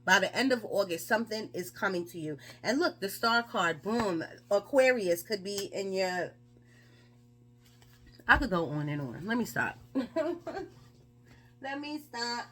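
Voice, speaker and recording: A woman gives a casual tarot reading. She talks in a chatty, emphatic way and fires off rhetorical questions. Her voice sits at an ordinary middle pitch. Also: animated, measured pace, long pauses, fairly bright tone, soft background music. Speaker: tarot reader.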